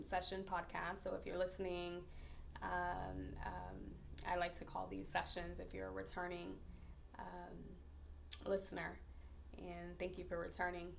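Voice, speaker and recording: Woman host, low-pitched and unhurried, reflective storytelling with fillers, faint noise behind. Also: vocal fry. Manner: reflective, hesitant with many fillers. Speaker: podcast host. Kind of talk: personal storytelling.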